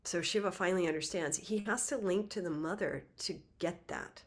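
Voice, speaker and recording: A woman giving a spiritual talk, telling a myth in a lively, conversational way with casual asides. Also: on the low side, normal speed. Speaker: spiritual teacher. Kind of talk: casual storytelling lecture.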